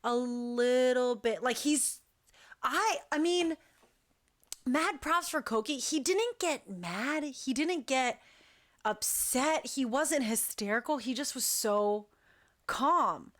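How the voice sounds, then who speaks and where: High-voiced woman telling a story. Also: slow. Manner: animated, chatty, lots of "like" fillers. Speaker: dance crew director. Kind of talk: casual storytelling.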